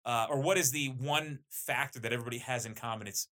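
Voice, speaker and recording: The owner of a police training company, a man with a medium-pitched voice, talks quickly in a casual podcast conversation. He is an animated, enthusiastic storyteller.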